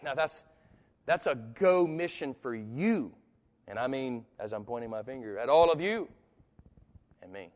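A pastor preaches a live sermon to an audience in a conversational way, breaking into sudden emphatic rises and occasional chuckles. His medium-pitched voice is animated, unhurried, and a little mellow, with frequent pauses. The recording has long hall reverb.

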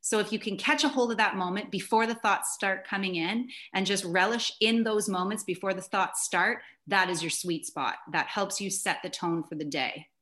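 A woman's voice: mid-range voice, moderate pace, hardly any pauses. Woman, 30s, podcast guest, casual chat, cheerful and giggly. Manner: cheerful, giggly, warmly enthusiastic.

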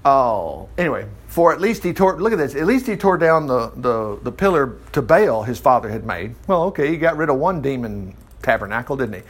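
A man's voice: mid-range voice, sing-song, brisk, hardly any pauses. A man preacher reading a Bible passage aloud in a folksy way, breaking in often with his own asides. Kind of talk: Bible reading with running commentary.

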